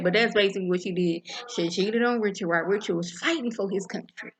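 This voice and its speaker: A woman giving a casual, animated recap of a TV episode, acting out the characters' lines as she goes. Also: medium pitch, fast talker, hardly any pauses, dull audio, a little hiss or hum. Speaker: TV episode reviewer.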